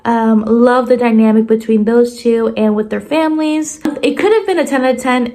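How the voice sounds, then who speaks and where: A young woman chatting casually through a book review vlog, expressive and full of filler words. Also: on the high side, moderate pace. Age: young adult. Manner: chatty, expressive, lots of "like" fillers, animated emphasis. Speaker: book vlogger.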